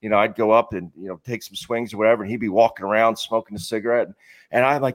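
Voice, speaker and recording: A man's voice: mid-range voice, fast. A middle-aged man, a podcast guest, chatting casually and reminiscing with frequent laughter. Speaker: guest, former ballplayer. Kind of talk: casual sports podcast chat.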